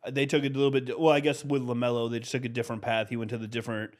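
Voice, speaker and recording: A man's voice: mid-range voice, little pitch movement, rapid-fire. Sex: man. Role: co-host. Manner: easygoing, frank. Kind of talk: casual podcast chat.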